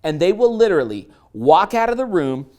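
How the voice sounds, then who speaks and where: A man's voice: high-pitched, big pitch swings, normal speed, darkish tone. Upbeat man presenting a course lesson. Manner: upbeat, encouraging, direct.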